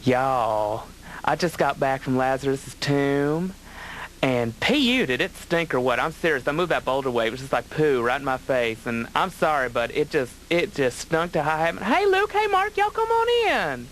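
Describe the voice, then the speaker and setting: A man's voice: mid-range voice, animated, normal speed, a bit bright, slight background noise, close to an everyday voice, poor audio. A man doing a fussy Southern drawling Jesus. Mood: gossipy. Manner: fretful, gossipy, dramatic. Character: effeminate Southern male Jesus, fussy and nervous.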